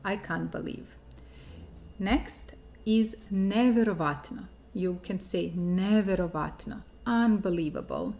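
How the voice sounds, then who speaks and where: Young serbian-born woman teaching phrases, patient and clear, mid-pitched voice. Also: a little mellow. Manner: patient, explains slowly and clearly. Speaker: language teacher. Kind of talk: online language lesson.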